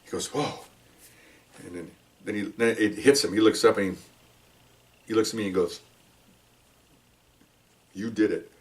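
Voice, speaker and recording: An older man, a retired police officer, telling stories in a casual, animated way, often checking in with "okay?" and restarting his sentences. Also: lowish voice, moderate pace, long pauses, recorded from a distance. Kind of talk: casual anecdotal storytelling.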